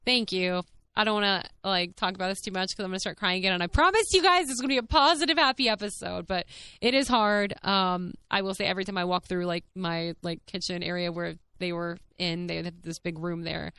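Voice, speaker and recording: A young adult woman hosting her own podcast, chatting candidly and reading listener comments aloud, full of fillers and quick laughs. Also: fairly low pitch, pushed and bright, clean tone, no room sound. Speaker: podcast host.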